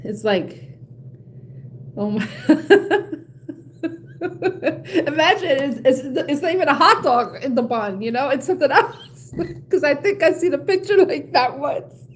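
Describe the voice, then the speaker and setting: A woman's voice: sits high, big pitch swings, takes it slowly, long pauses, a little hiss or hum. A woman tarot reader chatting to her viewers in a blunt, heated rant, swearing freely and laughing often. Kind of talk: casual ranting chat to viewers.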